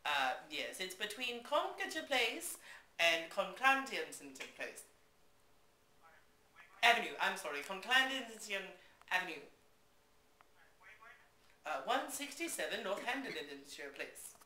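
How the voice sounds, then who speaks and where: A woman's voice: mid-range voice, sing-song, unhurried, pauses often, bright, forceful tone, a little hiss or hum. A woman calling to order a car, hesitant and stumbling over her words. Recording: echoey room.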